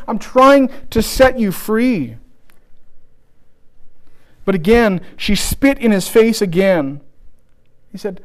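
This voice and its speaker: A man preaching a sermon, telling a story with restarts and slowing down for emphasis. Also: high voice.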